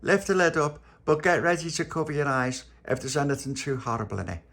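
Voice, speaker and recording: A bossy little know-it-all girl, as a man puts her on, explaining everything matter-of-factly. Her voice sits raised and bright with a gravelly rasp underneath. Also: a little high, a little fast, a little hiss or hum, pitched above the performer's own voice. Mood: lecturing.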